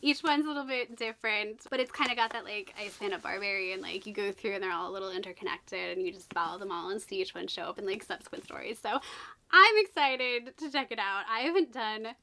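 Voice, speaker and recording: A woman's voice: medium pitch, quick pace, sharp tone, slight background noise. A woman vlogging a book unboxing in a chatty, gushing way, full of exclamations and asides.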